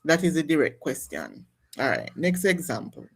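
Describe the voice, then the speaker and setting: A nursing instructor gives a classroom lecture on exam questions, explaining things step by step, restarting her sentences, and calling on students. Her low, husky voice swoops wildly in pitch, and she speaks at a moderate pace.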